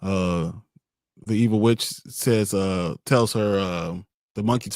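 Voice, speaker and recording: A man's voice: fairly low pitch, slow, darkish tone, no echo, clean studio sound. A man co-hosting a live podcast stream, playfully quizzing the others in casual chat. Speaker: podcast co-host.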